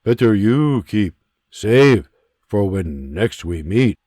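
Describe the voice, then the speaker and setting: A man doing a slow-spoken, husky old frontier friend. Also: lowish voice, animated, dark tone, no echo, clean studio sound. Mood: solemn. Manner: slow broken English. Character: weathered Native American man, steady and warm.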